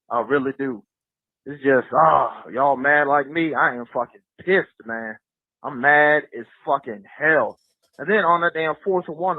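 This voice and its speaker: A man's voice: a little high, dry recording. A man calling in to a podcast, venting angrily about a game loss, cursing heavily in an agitated rant. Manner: profane, heated venting. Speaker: caller. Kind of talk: angry fan call-in rant. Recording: tinny phone line.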